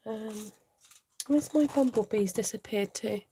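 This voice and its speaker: A mellow-voiced woman hosts a relaxed live crafting demo. She chats to viewers and thinks aloud as she works, in an easy, rambling way. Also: on the high side, unhurried, slight background noise. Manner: chatty, thinks aloud, greets viewers, often laughs. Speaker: crafting tutorial host.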